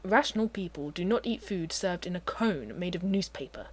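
Woman reading as a stiff, haughty older gentleman. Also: lowish voice, lively intonation, normal speed. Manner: clipped, stiff and disapproving. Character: stuffy haughty older upper-class man.

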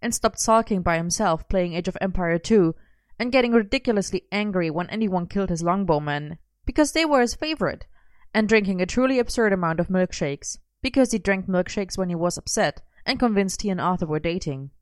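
A woman's voice: medium pitch, lively intonation, fairly quick, no echo. Woman reading a story, dry sound. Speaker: reader.

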